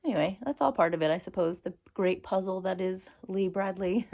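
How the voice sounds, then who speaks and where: This vlogger, a US woman in her forties, has a New Jersey American accent and a medium-pitched voice that's gravelly and a little mellow. She talks at a moderate pace, casual and often laughing.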